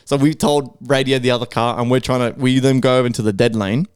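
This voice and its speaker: Brief: Australian man, podcast co-host, clear smooth voice, swears freely while spinning a rambling yarn, close and dry sound. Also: mid-range voice, steady tone, fast, no room sound. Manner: profane, rambling anecdote full of acted-out quotes. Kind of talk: casual storytelling chat.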